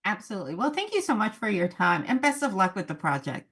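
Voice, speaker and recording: Bubbly bright-voiced woman interviewer. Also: mid-range voice, sing-song, quick pace, slightly rough. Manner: bubbly, chatty, laughs often. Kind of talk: press junket interview.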